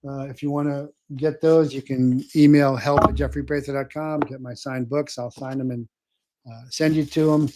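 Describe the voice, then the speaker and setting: A man's voice: medium pitch, steady tone, moderate pace, heavy background noise. An older man hosting a livestream, reading viewer comments in a rambling, casual way with many fillers. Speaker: show host.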